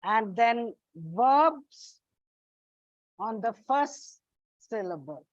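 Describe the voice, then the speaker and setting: Female English teacher, high voice, slow and deliberate delivery, dull lo-fi recording. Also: expressive, no room sound. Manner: slow, deliberate, addresses students as children. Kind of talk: classroom lesson.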